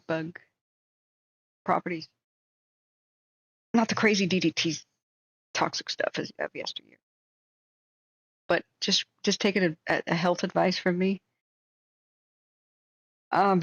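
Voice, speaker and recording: A woman's voice: fairly low pitch, no room sound, muffled recording. A woman chatting casually on a live stream, talking emphatically and repeating words as she starts sentences, with a slightly sore voice. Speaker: wildfire-tracking live streamer. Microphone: home streaming setup.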